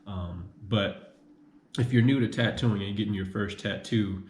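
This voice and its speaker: A man's voice: on the low side, unhurried, a little hiss or hum. A young man vlogging casually, rambling and repeating himself with many fillers as he talks through his experience. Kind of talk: casual vlog monologue. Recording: echoey room.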